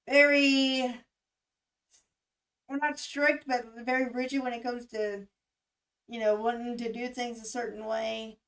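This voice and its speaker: A young woman in her twenties talking candidly and emotionally in a casual vlog, swearing freely and pausing with fillers. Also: sits high, a bit bright, far from the mic, rough recording. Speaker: music reaction vlogger. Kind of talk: casual chat.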